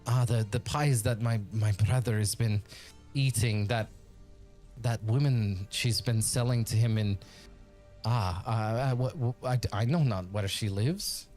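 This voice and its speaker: A man's voice: medium pitch, measured pace, a little mellow, soft background music, natural voice. A man voicing an anxious young woman who tends her sick brother in a tabletop game, speaking in a flustered, hesitant way.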